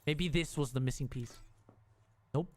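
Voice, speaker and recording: A man's voice: a little high, a little slow. A man streaming a game, talking casually to himself and the game, frustrated and joking as he builds. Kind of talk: casual gameplay commentary.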